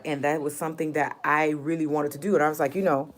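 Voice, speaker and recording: A woman's voice: low voice, flat delivery, fast, noisy background. A woman talking to her viewers in a heartfelt, rambling way, repeating herself for emphasis. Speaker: vlogger. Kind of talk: casual personal vlog.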